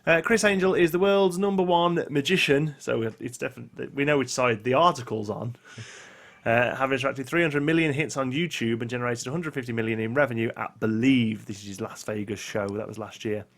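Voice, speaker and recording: A man's voice: medium pitch, a little fast, fairly bright tone. Wry man reading the news. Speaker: podcast co-host. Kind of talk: casual chat, reading out news.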